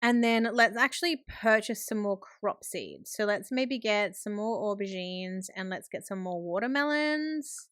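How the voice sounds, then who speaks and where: A woman's voice: medium pitch, animated, a little slow, hardly any pauses, a bit bright, clean tone, dry recording, clean studio sound. A woman hosting a gaming channel, giving chatty, upbeat running commentary on her play. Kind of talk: let's play narration.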